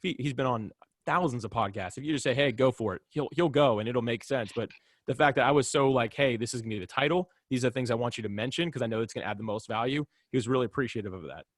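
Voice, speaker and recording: A man's voice: mid-range voice, fast talker, no room sound, studio quality. A man as a podcast guest, telling a story in casual talk and acting out both sides of the conversations.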